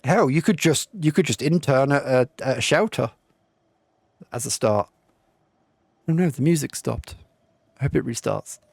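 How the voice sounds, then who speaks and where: A man's voice: mid-range voice, moderate pace, vocal fry, pauses often, darkish tone, no echo. A man streaming a game and chatting with live viewers, rambling and reflective with lots of ums. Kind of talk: casual chat with live viewers while playing. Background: faint game music.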